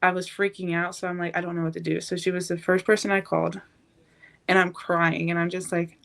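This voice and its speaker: Soft-pitched young woman, flat delivery. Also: creaky. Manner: halting, emotional retelling. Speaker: podcast guest. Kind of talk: emotional personal storytelling.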